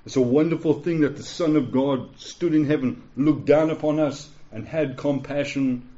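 A man's voice: a little high, normal speed, dark tone. A man preaching a sermon in an earnest, pleading way, often asking his listeners "yeah?". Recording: dull lo-fi recording.

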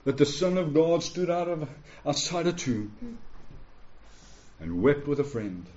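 A man's voice: fairly high pitch, animated, a little slow, darkish tone. A man preaching a sermon in an earnest, pleading way, often asking his listeners "yeah?". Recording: dull lo-fi recording.

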